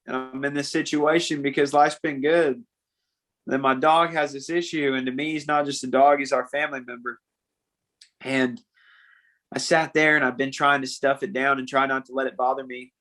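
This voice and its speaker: A young man speaking as a podcast guest in a candid conversation. He talks earnestly, halting and repeating himself, and keeps dropping "man" into his sentences. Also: mid-range voice, little pitch movement, a bit bright, poor audio. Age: young adult.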